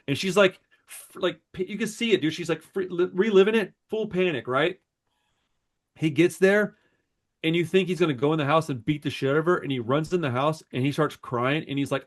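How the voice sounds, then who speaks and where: A man co-hosting a podcast, telling a story in a rambling, animated way, peppered with swearing and "bro" and "dude.". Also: fairly high pitch, brisk. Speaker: podcast co-host. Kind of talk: casual chat.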